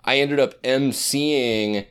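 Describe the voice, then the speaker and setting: A man's voice: mid-range voice, slow, fairly bright tone, smooth. A man in his thirties co-hosting a podcast in casual chat, rambling and swearing, sometimes slipping into a put-on announcer voice. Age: 30s. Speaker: podcast co-host.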